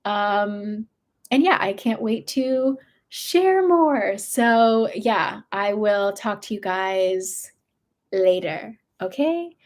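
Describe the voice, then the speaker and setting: A woman's voice: medium pitch, very slow. A young woman hosting a book channel livestream from her room, chatting casually and meandering with lots of fillers.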